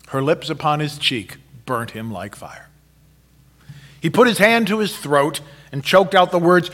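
A man narrating a story in a measured, dramatic reading style. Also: on the high side, lively intonation, fairly bright tone.

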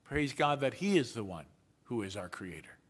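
Bright-voiced man preaching a sermon. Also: mid-range voice, very animated, a little hiss or hum. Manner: measured, storytelling delivery with playful asides. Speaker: pastor.

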